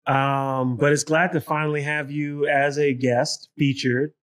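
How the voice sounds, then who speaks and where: A man's voice: a little high, level tone, measured pace, a bit bright. Easygoing man hosting a podcast. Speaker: podcast host. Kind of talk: casual podcast chat.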